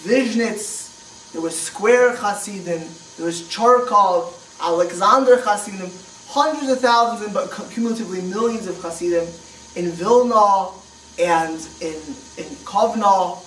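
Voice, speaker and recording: A man's voice: high-pitched, normal speed, fairly bright tone. A man giving a history lecture as a rabbi, speaking conversationally with restarts and rhetorical questions. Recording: echoey room, mic far off, faint noise.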